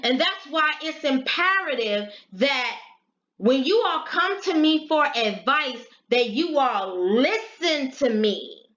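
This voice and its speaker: A woman's voice: high voice, takes it slowly. A middle-aged woman telling a story and giving blunt, profane advice in casual vlog talk. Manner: blunt and profane, animated retelling. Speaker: vlogger giving advice to sex workers. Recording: echoey room, dull lo-fi sound.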